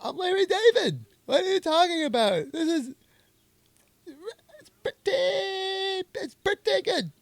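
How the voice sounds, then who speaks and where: A man doing a deliberately bad impression of an excitable older male comedian in a high, strained, squealing voice. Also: vocal fry, no echo, heavily acted. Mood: whiny.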